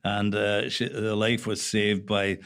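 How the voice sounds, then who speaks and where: Low-voiced Northern Irish man reminiscing. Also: level tone, slow, a bit bright, clean tone. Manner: reflective storytelling with frequent hesitations. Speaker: veteran journalist guest. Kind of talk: conversational interview.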